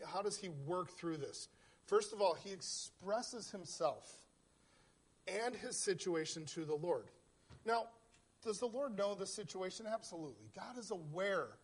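A man's voice: fairly high pitch, slightly rough. A man preaching a sermon in church, earnest, often stumbling and repeating words as he voices heartfelt prayers aloud. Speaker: pastor. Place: church in South Central Pennsylvania.

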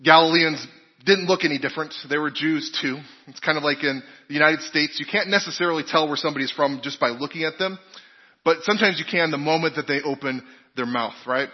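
A man's voice: on the high side, brisk. A man preaching a sermon in a conversational way, asking the congregation questions and telling personal stories. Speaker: pastor. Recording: dull recording with long hall reverb.

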